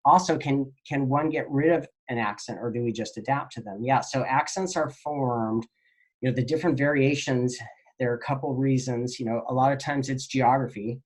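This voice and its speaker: A man teaching a class, answering student questions in a relaxed, rambling lecture with many fillers. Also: mid-range voice.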